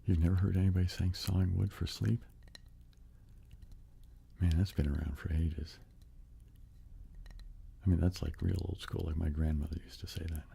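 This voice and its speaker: A man hosting a soft-spoken ASMR live stream, chatting casually with viewers and breathing whispered trigger words. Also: low-pitched, fairly even intonation, moderate pace, creaky, pauses often, breathy edge. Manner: chatty, answering viewers' comments.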